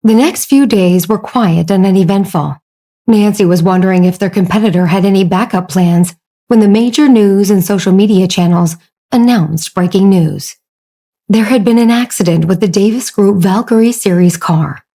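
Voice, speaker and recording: A woman narrating a romance audiobook at a slow, even storytelling pace. Her voice is mellow and dark. It also has a soft, breathy edge. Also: medium pitch. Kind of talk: scripted narration.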